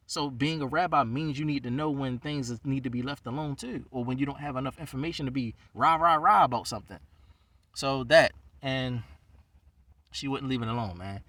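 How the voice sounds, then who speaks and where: A man's voice: medium pitch, a bit bright, far from the mic. A man who is a rabbi, venting in a heated, profane monologue. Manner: heated, ranting, heavy swearing.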